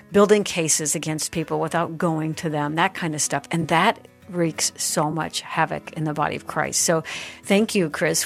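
A woman with a low voice hosts a Christian radio talk show. She speaks earnestly and conversationally, and her questions dig into the guest's story. Faint music plays underneath. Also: creaky.

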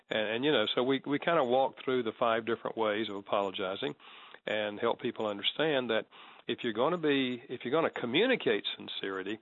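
A man speaking as a guest in a conversational interview, measured and explanatory, acting out sample apologies as he teaches. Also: mid-range voice, fairly bright tone, highs cut off.

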